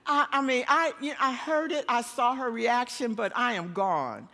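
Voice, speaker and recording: A woman preacher telling a personal story in a church sermon, animated and self-mocking, often laughing at herself. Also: on the high side, moderate pace, hardly any pauses. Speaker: guest preacher. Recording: long church-hall reverb.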